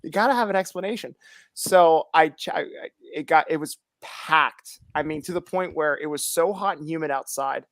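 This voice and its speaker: Animated storytelling man, dry sound. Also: fairly high pitch, moderate pace, dry recording. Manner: animated storytelling, acts out quoted voices, laughs often. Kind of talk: casual chat.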